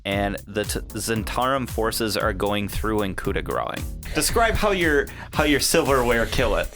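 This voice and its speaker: A man running a tabletop game as game master, relaxed and full of fillers like uh and um. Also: on the low side, normal speed, over music. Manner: relaxed, hesitant with frequent fillers.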